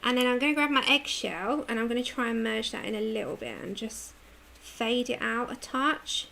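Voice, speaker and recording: Woman streamer with a british accent, chatty and laughing a lot, kinda high voice with gravel in it. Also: normal speed, bright, forceful tone. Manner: chatty, laughs often, answers viewer comments. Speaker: livestream host. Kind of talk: casual chat while colouring live.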